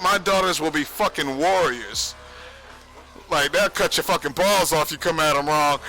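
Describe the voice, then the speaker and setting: Profane, high-voiced bragging young man. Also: pushed and bright, rough recording. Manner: profane, boastful, laughs often. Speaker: livestreamer. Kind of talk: rambling casual stream monologue.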